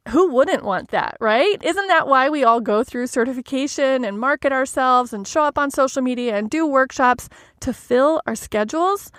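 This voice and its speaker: High-voiced woman coaching in a dry booth. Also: fairly bright tone, dry recording. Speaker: life coach podcast host. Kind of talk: solo podcast talk.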